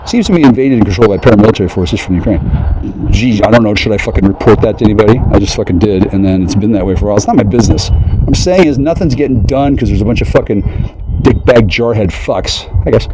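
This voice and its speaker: A man talking straight to his listeners in a profane, agitated, rambling rant that jumps from one idea to the next and mocks other people in high voices. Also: fast talker, very noisy. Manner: profane, agitated, conspiratorial, jumps between ideas; mocking quoted voices in a high pitch.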